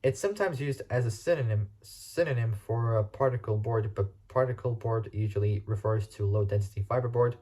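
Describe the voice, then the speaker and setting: A man's voice: medium pitch, brisk, hardly any pauses, warm tone, breathy edge. A man reading car facts aloud for a casual video, stumbling and restarting often and spelling out words he can't pronounce.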